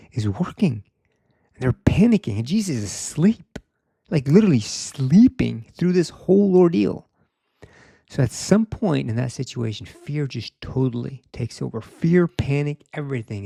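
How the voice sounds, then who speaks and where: A man's voice: medium pitch, animated, a little slow, creaky, dark tone, slightly rough, no echo. A young man giving a casual, conversational sermon, often saying "like" and acting out quotes. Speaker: speaker.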